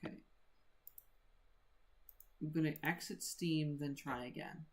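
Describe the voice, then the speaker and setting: A woman's voice: low-pitched, measured pace. A woman streaming a game, chatting casually and muttering to herself while she sets things up. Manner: laid-back, mutters to herself while setting up.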